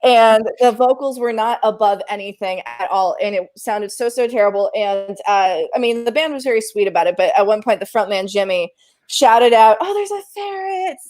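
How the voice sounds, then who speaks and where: An animated woman recounts a gig from her work as a sound engineer, her voice sitting in a comfortable middle range. She talks in a loose, casual podcast manner. She laughs easily at her own mistakes. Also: mid-range voice, a little fast, few pauses. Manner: animated, laughs often, self-deprecating.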